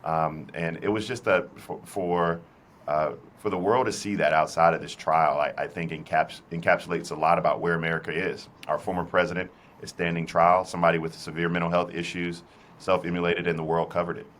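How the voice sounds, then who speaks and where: A man from South Carolina, speaking as a commentator in an earnest way with halting restarts. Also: low voice, flat delivery, a bit bright. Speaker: political commentator. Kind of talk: casual interview talk.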